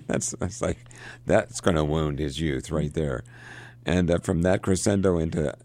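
Very deep gravelly man, halting. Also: warm tone, dry recording. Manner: halting, many restarts and fillers. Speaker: literature discussant. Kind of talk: casual literary discussion with read-aloud passages.

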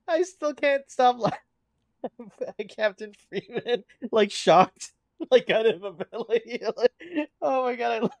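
A man's voice: very high-pitched, takes it slowly, creaky, darkish tone, no echo. A man guesting on a podcast in casual chat about a cartoon episode, laughing again and again as he talks. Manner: giggly, keeps laughing while talking.

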